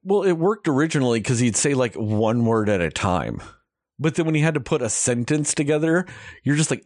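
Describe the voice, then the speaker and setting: A man's voice: mid-range voice, sing-song, fairly quick, darkish tone, no room sound, studio quality. A young man hosting a podcast, ranting about a movie in casual, heavily profane chat. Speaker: podcast host reviewing a movie.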